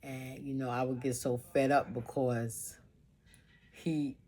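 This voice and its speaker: A woman's voice: a bass voice, level tone, takes it slowly, darkish tone. A woman vlogger telling a personal story in an emotional monologue, earnest and informal, piling up repeated phrases.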